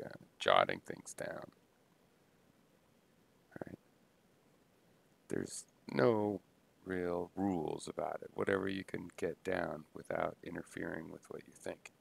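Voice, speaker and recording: A man thinking aloud in a halting, unscripted philosophical monologue, full of pauses and restarts. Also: sits low, sing-song, creaky, husky. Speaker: video blogger musing on philosophy.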